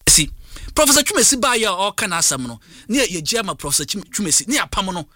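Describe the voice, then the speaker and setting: Fast lively Ghanaian radio host. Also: male voice, high-pitched, very noisy. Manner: fast, animated, switching between languages. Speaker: radio sports show host. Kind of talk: call-in sports radio talk.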